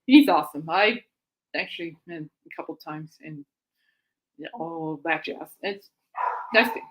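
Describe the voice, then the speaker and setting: A woman's voice: low voice, a little slow, a bit bright, slight background noise. Rambling, self-deprecating woman host. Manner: chatty, self-deprecating, easily sidetracked; laughs often. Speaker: host of a music chat show. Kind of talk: rambling casual monologue.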